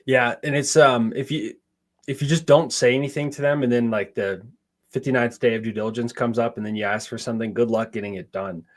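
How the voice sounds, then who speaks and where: A man's voice: medium pitch, fairly even intonation, a little fast. A man answering interview questions in a casual, rambling way, full of fillers and restarts, with no Southern accent. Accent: none, not Southern. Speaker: guest, park investor.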